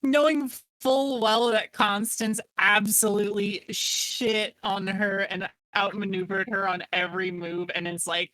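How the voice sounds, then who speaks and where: A woman's voice: mid-range voice, steady tone, a little slow, hardly any pauses, fairly bright tone, no room sound. A woman playing in a tabletop game, talking casually and hesitantly, with the odd swear. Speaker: player.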